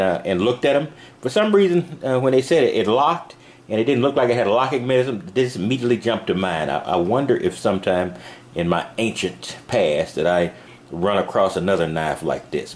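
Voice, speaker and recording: A man casually showing a pocket knife in a vlog, talking in a rambling, halting way with many fillers. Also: lowish voice, darkish tone. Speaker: knife reviewer. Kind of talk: casual product demo vlog. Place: van.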